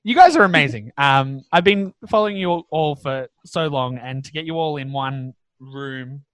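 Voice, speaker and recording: A man hosting a podcast, chatty and quick to laugh. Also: medium pitch, expressive, a bit bright, clear, resonant tone, no room sound, rough recording. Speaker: podcast host. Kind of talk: casual chat.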